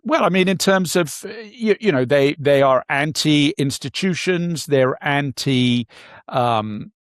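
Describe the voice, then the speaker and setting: A man co-hosting a casual political talk show, speaking haltingly with many fillers and restarts. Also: a little high, lively intonation, smooth, dry recording, clean studio sound. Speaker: podcast co-host.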